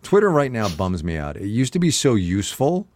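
A low-voiced man co-hosting a news chat, his pitch swinging widely as he argues his point. The sound is close and dry, with no room around it. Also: fairly quick, no room sound. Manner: animated, emphatic opinions. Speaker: co-host.

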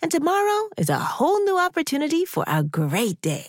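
A woman hosting a children's podcast, gently and encouragingly leading breathing exercises and affirmations. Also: sits high, huge pitch swings, fairly quick, no room sound, clean studio sound. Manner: gentle, encouraging, sing-song. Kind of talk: guided breathing and affirmations for kids.

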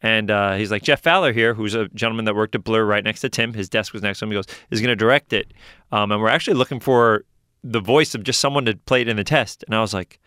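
A man, a voice actor telling stories in an animated, fast-talking way during an interview. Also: fairly low pitch, clear, resonant tone, no room sound, studio quality. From New York. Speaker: voice actor guest. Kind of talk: casual interview talk.

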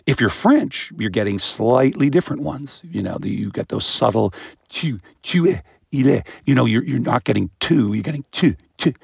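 A man answering interview questions as an expert, explaining with animation and breaking into high-pitched imitations of baby sounds. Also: expressive, normal speed, creaky, husky, no echo, studio quality. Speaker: guest expert on voice and language.

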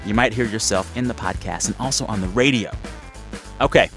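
A man's voice: on the low side, fairly quick, gravelly, fairly bright tone, soft background music. A man hosting a podcast interview, easygoing, with short encouraging replies and a friendly sign-off. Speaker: podcast host.

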